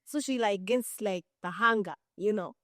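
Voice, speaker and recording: A young Ugandan woman co-hosting a podcast, telling a family story in a relaxed, frank way that is full of "you know.". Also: mid-range voice, moderate pace, dry recording, studio quality. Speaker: podcast co-host. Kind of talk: casual storytelling chat.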